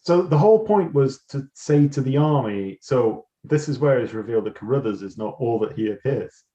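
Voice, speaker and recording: Lively man in a roomy, dull recording. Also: mid-range voice, normal speed. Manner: swears freely, animated storytelling. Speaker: podcast co-host. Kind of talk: casual chat.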